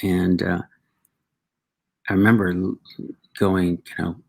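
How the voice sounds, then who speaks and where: A middle-aged man, a talk show guest, telling reflective personal stories with halting restarts. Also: sits low, little pitch movement, gravelly. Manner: reflective, halting, with frequent restarts and acted quotes.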